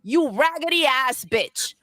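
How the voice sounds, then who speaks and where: On this livestream segment, a woman with a high, expressive voice speaks a little slowly in a sharp tone, recorded dry. She delivers a profane, scornful rant packed with swearing and mocks people with put-on voices.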